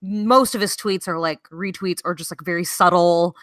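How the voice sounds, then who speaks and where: A woman hosting a podcast in casual chat, animated, swearing and laughing often. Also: fairly low pitch, moderate pace, no room sound, studio quality. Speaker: podcast host.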